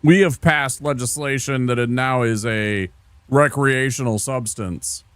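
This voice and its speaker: A man's voice: medium pitch, measured pace, a bit bright, smooth, no echo. A laid-back man from Minnesota streaming a game, rambling casually and talking to viewers by name. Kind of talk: casual gameplay chat with chat.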